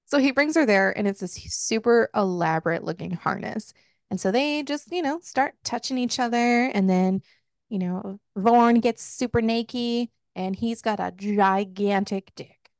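A woman's voice: fairly high pitch, measured pace, dry recording. Chatty woman recapping a book, dry sound. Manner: candid, laughing, retells scenes with quoted lines. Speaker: podcast host recapping a book. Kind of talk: casual book club chat.

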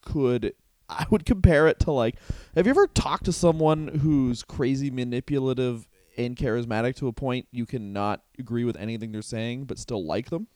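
A man's voice: medium pitch, moderate pace, hardly any pauses, darkish tone, dry recording. A young man co-hosting a casual podcast from a living room, rambling, swearing and laughing as he talks. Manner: rambling, laughing, swearing, puts on silly voices. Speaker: podcast co-host.

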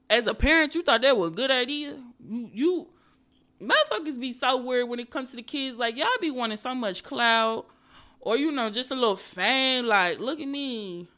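Speaking at a moderate pace in a voice on the high side, a woman hosts a podcast. She rants animatedly through a casual, profane comedic monologue aimed directly at her listeners and viewers.

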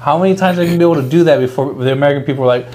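A man's voice: fairly high pitch, rapid-fire, a little mellow. A man co-hosting a podcast in casual chat, profane and heated, often searching for his words mid-sentence.

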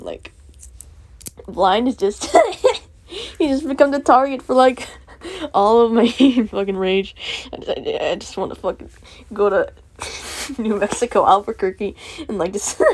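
A woman's voice: fairly high pitch, darkish tone. A young woman hosting a casual solo podcast, ranting in a profane, rambling way and laughing through her angry venting. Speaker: podcast host.

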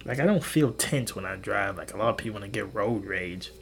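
A young adult man hosting a podcast, talking in a casual, rambling monologue. He swears freely, and his voice jumps high in disbelief. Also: animated, brisk, vocal fry, slight background noise. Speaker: podcast host.

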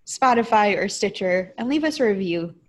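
A woman co-hosting a podcast in casual chat, talking in a relaxed, rambling way. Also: medium pitch, normal speed. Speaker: podcast co-host.

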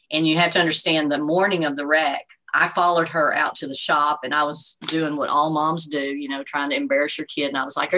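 A woman's voice: low-pitched, sharp tone, rough recording. A woman in her forties giving an earnest, faith-filled personal testimony as an interview guest, telling her story with frequent "you know". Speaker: guest, bereaved mother.

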